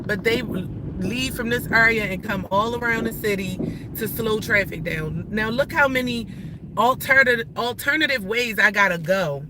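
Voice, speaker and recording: A woman's voice: a little high, normal speed. Profane woman ranting while driving. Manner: profane, rambling, suspicious and agitated. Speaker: livestreamer driving a child to school. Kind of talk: live-streamed driving rant. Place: inside a moving car in city traffic. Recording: loud road and engine noise from a car. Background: loud traffic and engine noise.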